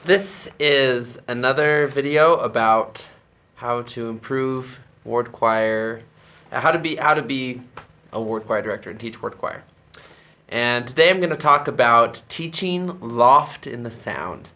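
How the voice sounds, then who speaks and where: A man's voice: medium pitch, sharp tone. A man who directs a church choir, explaining vocal technique in a tutorial and demonstrating the sounds with his own voice.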